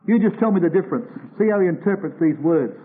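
A man preaching an expository Bible sermon, slowing down to stress each quoted verse. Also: high voice, animated. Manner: slows to stress quoted scripture. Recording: tinny phone-like recording.

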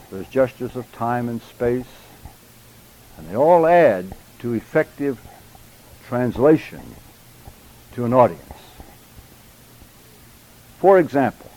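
Man, mid-pitched, instructor lecturing a church speaking class; deliberate, emphatic, carefully enunciated delivery. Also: dark tone, poor audio. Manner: addresses class members by name.

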